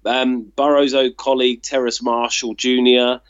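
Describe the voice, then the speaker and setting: A man's voice: mid-range voice, level tone, moderate pace, clear, resonant tone, no echo, muffled recording. A man co-hosting a casual sports chat, talking in loose, rambling runs full of fillers. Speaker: podcast co-host.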